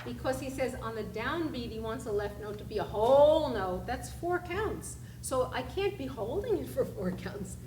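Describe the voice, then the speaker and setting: A woman's voice: a little high, moderate pace, few pauses, slight background noise. A woman piano teacher giving a masterclass, coaching a student and singing along with the playing. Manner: animated, sings and counts along with the playing. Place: recital hall. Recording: echoey hall with loud piano.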